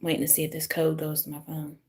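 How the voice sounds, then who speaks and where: A woman's voice: deep voice, completely flat delivery, fast talker. A woman, chatting casually to viewers on a live stream as a tarot reader, talking to herself and joking about her own struggles with technology. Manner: chatty, self-deprecating, talks to herself while fixing tech.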